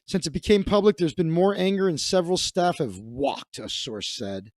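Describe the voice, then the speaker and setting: A man's voice: fairly high pitch, very animated, normal speed, a little mellow, no room sound, clean studio sound. A man hosting a comedic live stream, reading news aloud with sarcastic, profane asides. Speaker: host.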